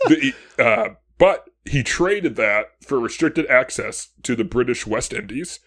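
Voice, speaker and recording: Male podcast co-host, lively pitch, casual storytelling with playful character asides. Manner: animated, acts out historical figures in quick asides; laughs often. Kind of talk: casual history chat.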